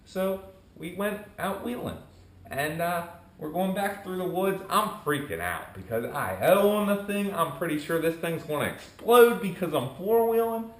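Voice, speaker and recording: Speaking unhurriedly in a high-pitched voice, this young vlogger launching his channel tells a loose, casual story with lots of energy. He performs what his friends said, and the room echoes.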